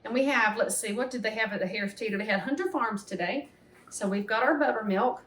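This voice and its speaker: A woman's voice: on the high side, fast, fairly bright tone, recorded from a distance. A woman in her forties with a Southern American accent, hosting a home cooking show in a folksy, opinionated, chatty way. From Southern United States. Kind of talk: casual cooking demonstration. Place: home kitchen. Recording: roomy, mic some way off, faint hiss.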